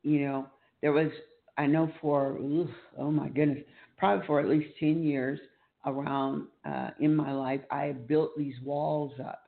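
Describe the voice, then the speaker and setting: A woman's voice: low-pitched, a little slow, vocal fry. Earnest woman host, tinny phone-like sound. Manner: earnest, emotional storytelling, animated when reliving events. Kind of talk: Christian talk show conversation.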